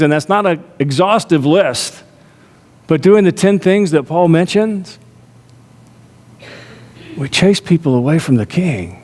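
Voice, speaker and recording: A man's voice: fairly high pitch, darkish tone. A middle-aged male pastor preaching a sermon, talking to the congregation conversationally with rhetorical asides. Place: church sanctuary. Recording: long reverb of a church hall.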